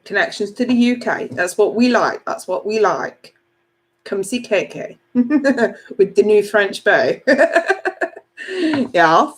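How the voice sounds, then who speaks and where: Slow-talking giggly woman. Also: mid-range voice, lively intonation. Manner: chatty, giggly, swears casually. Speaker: tarot reader. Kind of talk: live-stream chat reading viewer comments.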